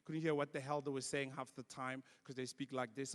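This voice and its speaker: A young South African man doing animated stand-up comedy, telling stories and acting out other people's voices. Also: medium pitch, fairly quick. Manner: animated storytelling that acts out voices. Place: large conference hall. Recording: long hall reverb.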